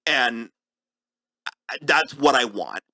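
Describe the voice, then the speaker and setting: A man co-hosts a casual review podcast, his pitch swinging widely and his tone bright and forward. He talks in halting bursts and breaks into laughter often. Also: lively intonation. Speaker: podcast co-host.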